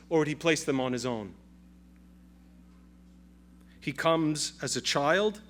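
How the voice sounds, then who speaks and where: A man's voice: fairly high pitch, takes it slowly, long pauses, a bit bright. A male pastor preaching a sermon with an emphatic, repetitive cadence.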